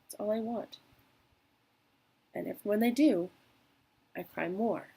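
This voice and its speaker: A young woman speaking candidly and emotionally in a personal vlog, with trailing pauses. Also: mid-range voice, gravelly, dark tone, slight background noise, low-quality recording. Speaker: vlogger.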